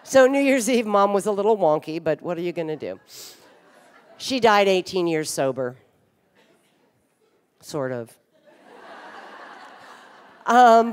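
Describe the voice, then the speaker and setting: A woman in her fifties giving a frank, wry and humorous talk about her own life from a conference stage, swearing bluntly now and then. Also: lowish voice. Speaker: speaker at a recovery conference. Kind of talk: candid personal talk on stage. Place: large hotel ballroom stage. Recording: reverberant hotel ballroom.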